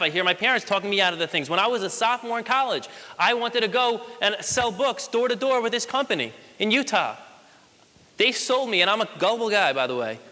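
His voice sits high, bright and forceful as this man in his late twenties, a motivational speaker, delivers an emphatic speech in a large hall. He asks rhetorical questions, and the hall's long reverb lingers.

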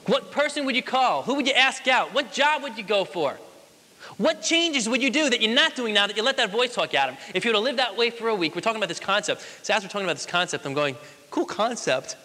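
Male motivational speaker, rapid and emphatic, bright tense tone, big echoing hall. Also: high-pitched. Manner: energetic, emphatic storytelling. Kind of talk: motivational speech. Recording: long hall reverb.

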